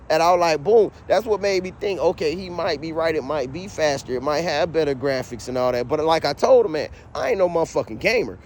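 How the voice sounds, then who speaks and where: An animated man rants through a casual storytime, his voice sitting a bit higher than most men's. He swears freely and leans on "you know what I'm saying" between beats. Faint street traffic hums behind him. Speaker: vlogger telling a story.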